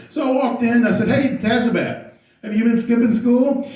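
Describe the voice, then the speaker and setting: A middle-aged man doing stand-up, telling a story about his daughter and acting out loud quotes, often laughing as he talks. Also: sits high, normal speed. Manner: animated, loud acted-out quotes, laughing through lines. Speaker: stand-up comedian. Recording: echoey room, far from the mic, loud noise.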